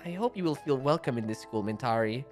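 A kind teenage girl class president, as a man puts her on, speaks in a gentle, formal way with a put-on accent. Her voice moves around a lot, and faint music plays underneath. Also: mid-range voice, lively intonation, fast, lightly acted. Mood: welcoming.

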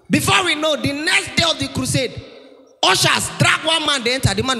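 A man with a Nigerian accent doing stand-up comedy on a church stage, telling stories with animated shouts. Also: very high-pitched, quick pace. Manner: animated storytelling, shouting punchlines, acting out family members. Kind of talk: stand-up comedy in Pidgin-laced English. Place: large church hall stage. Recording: live hall with long reverb and faint music.

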